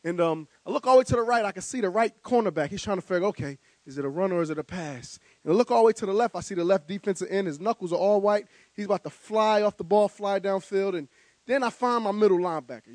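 A man from New Jersey, a guest speaker telling an animated story with vivid details and stammering repeats. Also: high voice, no echo. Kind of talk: storytelling speech.

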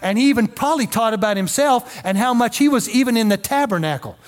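A man's voice: very high voice, expressive, fast talker. A male pastor preaching a sermon in a folksy, emphatic way with joking asides.

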